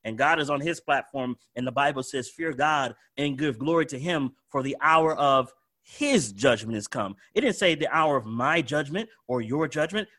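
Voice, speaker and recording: A man preaching a sermon, repeating phrases emphatically and moving between quiet and loud delivery. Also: mid-range voice, animated, normal speed. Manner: emphatic, swings from soft to loud with repetition.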